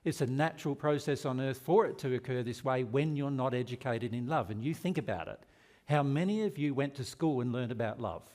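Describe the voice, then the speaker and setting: A man's voice: mid-range voice, a little mellow. Man teaching a seminar audience. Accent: Australian. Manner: earnest, rhetorical questions to the audience. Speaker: spiritual teacher.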